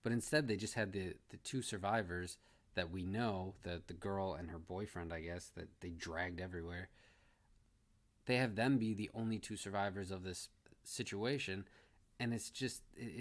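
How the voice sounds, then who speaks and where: Blunt, exasperated man ranting. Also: sits low. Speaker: movie reviewer. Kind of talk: casual spoken review.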